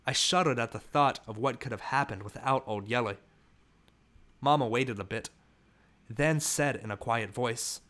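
Male audiobook narrator, mid-pitched, earnest and measured. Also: fairly bright tone. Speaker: audiobook reader. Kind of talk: scripted narration of a novel.

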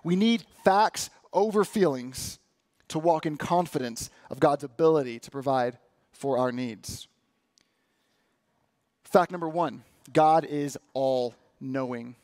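Man, pastor, sermon, earnest and lively, fairly high voice, dry close sound. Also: slow, no room sound. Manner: earnest, lively preaching with prayer and scripture reading.

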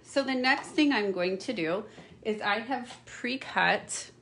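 A woman's voice: on the high side, slow pace, fairly bright tone, slight background noise. A middle-aged woman chatting through a card-making tutorial, with apologetic asides and frequent "okay?" check-ins. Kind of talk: casual craft tutorial.

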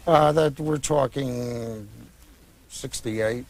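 An author in his sixties answers questions at an easy, wandering pace. He stops and restarts often as he recalls names and dates, filling gaps with soft hesitations. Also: medium pitch. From United States. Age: 60s. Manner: reflective, meandering with many pauses and restarts. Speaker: author interviewed about his books. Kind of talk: conversational interview.

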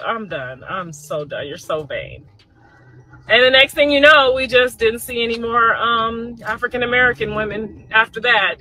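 A middle-aged woman casually telling a family story, chatty and animated, talking straight to her listeners. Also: fairly high pitch, low-quality recording.

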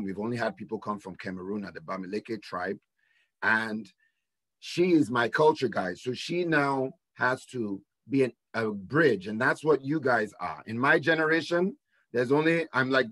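Bright-voiced Nigerian man, dry sound. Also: medium pitch, no echo. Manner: earnest, rambling with restarts. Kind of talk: panel discussion.

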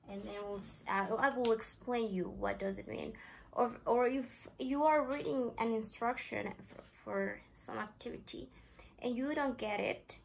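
Woman ESL teacher; slow, repeats phrases for learners; slightly high pitch. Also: creaky, slight background noise, low-quality recording. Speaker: English teacher. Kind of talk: classroom language lesson.

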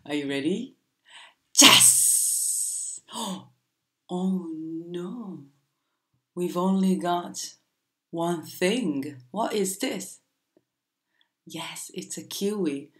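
A woman teaching a playful vocabulary game to children, speaking in a slow, exaggerated teacher voice. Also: fairly low pitch, darkish tone. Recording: echoey room.

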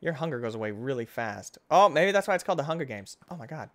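Excitable man narrating his gameplay. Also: medium pitch, fast talker. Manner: excitable, jumps between loud outbursts and hushed muttering. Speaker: gaming channel host. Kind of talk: casual let's-play commentary.

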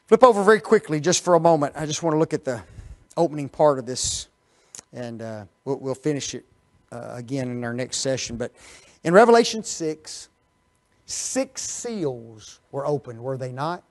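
A man preaching a Bible study sermon, firing rhetorical questions at his listeners and swinging from quiet asides to loud, emphatic bursts. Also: medium pitch, moderate pace. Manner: animated, rhetorical questions to the audience.

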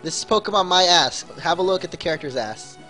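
American dude on a gaming livestream, goofy and teasing, kinda high voice, game music low in the back. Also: male voice, lively intonation, quick pace, bright, forceful tone. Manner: goofy, teasing, laughs a lot. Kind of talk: casual joking chat over gameplay.

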